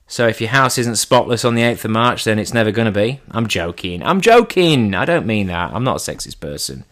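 A man giving a comedic monologue in an irreverent, deadpan way, his pitch jumping up for punchlines. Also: quick pace.

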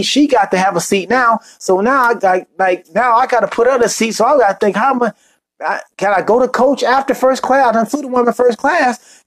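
A man hosting a motivational podcast, talking casually and joking as he tells stories. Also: very high-pitched. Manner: joking, animated storytelling with playful asides. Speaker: podcast host and speaker coach.

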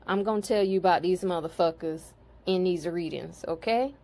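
A woman's voice: on the low side, moderate pace, a little mellow. A woman spiritual card reader and healer talking casually to her viewers, blunt and profane, growing heated and preachy.

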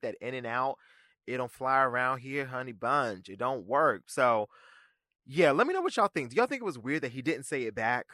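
Animated sassy man hosting a podcast. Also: mid-range voice, no room sound, studio quality. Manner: animated, sassy and slangy, quick asides. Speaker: podcast host. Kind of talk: casual recap commentary.

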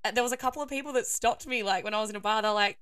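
A young woman hosting a casual solo podcast, her voice croaky and hoarse, chatting with lots of fillers and frequent laughter. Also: a little high, very fast, fairly bright tone, dry recording, studio quality. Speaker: podcast host.

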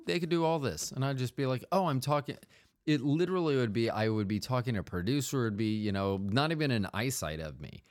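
A man's voice: lowish voice, a little mellow, dry recording, studio quality. A man hosting a solo podcast from home, rambling jokily and interrupting himself mid-sentence. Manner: rambling, self-interrupting, jokey. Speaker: podcast host. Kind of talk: casual comedic monologue. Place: home room.

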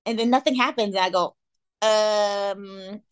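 A woman's voice: medium pitch, normal speed. A young adult woman co-hosting a podcast, telling stories in casual chat, acting out quotes and laughing often. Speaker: podcast co-host.

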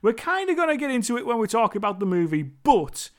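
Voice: mid-range voice, sing-song, fast talker. Rambling chatty movie reviewer. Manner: rambling, chatty, swears casually. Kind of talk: casual movie review monologue.

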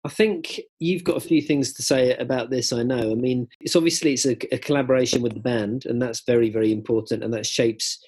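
A man's voice: medium pitch, steady tone, brisk, few pauses, a little mellow, slightly rough. A man co-hosting a podcast in casual chat, rambling and hedging with many fillers. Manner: rambling, hedging, lots of "kind of" and "I mean". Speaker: podcast co-host.

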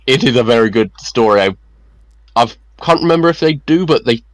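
A man talking a friend group through an anecdote in a steady, explanatory way. His voice is recorded dry and close, with little room sound. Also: mid-range voice, a little fast, dry recording. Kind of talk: casual group chat.

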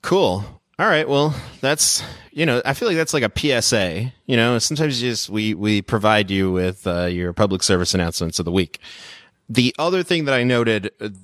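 A man co-hosting a podcast in casual chat, relaxed and curious. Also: fairly low pitch, normal speed, no echo, clean studio sound. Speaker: podcast co-host.

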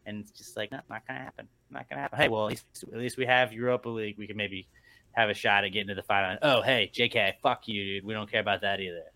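A man's voice: on the low side, steady tone, fast talker, bright, forceful tone. A young man on a podcast, ranting angrily and swearing about his football team's losses. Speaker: podcast co-host. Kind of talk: casual podcast rant.

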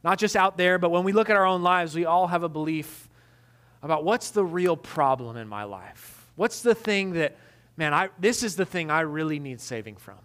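A man's voice: on the high side, expressive, moderate pace, a bit bright. A man in his thirties, a pastor giving a casual, conversational sermon with self-deprecating stories and lots of fillers.

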